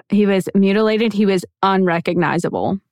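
A woman's voice: mid-range voice, normal speed, no echo, clean studio sound. A woman hosting a podcast, telling a true-crime story in a loose, conversational way with many fillers. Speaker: podcast host.

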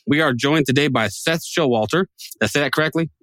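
A man's voice: on the high side, brisk, a bit bright, no room sound. A man co-hosting a casual podcast, joking and rambling, laughing often. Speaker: podcast co-host. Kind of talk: casual chat.

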